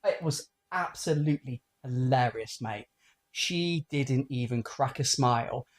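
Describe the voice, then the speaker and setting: A man's voice: mid-range voice, measured pace. A man in his forties co-hosting a casual comedy podcast, telling crude jokes and stories and acting out the voices of the people in them. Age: 40s. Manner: animated storyteller, acting out quoted voices; crude, joking. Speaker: podcast co-host.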